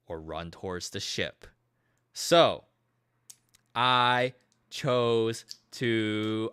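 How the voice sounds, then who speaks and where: Lively, animated young-sounding man rambling. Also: medium pitch, smooth, no room sound. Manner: animated, swearing, rambling with many fillers. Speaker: gaming video creator. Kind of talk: casual recap of a video game story.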